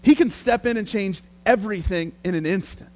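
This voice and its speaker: Pastor guy w/ a high-ish voice, chatty lively sermon storytelling. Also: fairly quick.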